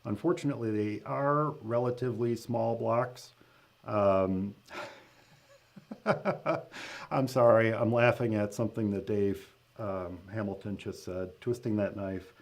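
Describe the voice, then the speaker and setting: A man's voice: lowish voice, steady tone, normal speed, vocal fry. Chatty man hosting a live stream. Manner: chatty, loose, many fillers and restarts, laughing asides. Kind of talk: casual live-stream update.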